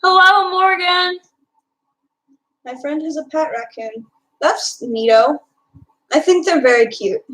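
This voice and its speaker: A woman's voice: high-pitched, unhurried, rough recording. A young woman from Texas with a Texan accent, chatting casually on a live stream and answering her chat. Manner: chatty, reads and answers chat, filler-heavy.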